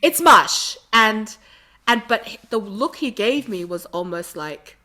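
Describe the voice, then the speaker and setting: She's a Sydney native chatting on a podcast, animatedly sharing stories and laughing a lot in a casual interview. Her medium-pitched voice sounds pushed and bright and moves a little slowly.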